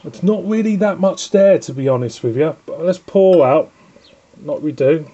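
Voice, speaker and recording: A man with a Northern English accent rambles through a casual beer review at home. His voice sits a little high and mellow, and the recording is dull and lo-fi. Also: normal speed. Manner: chatty, rambling, scolds his dog between lines.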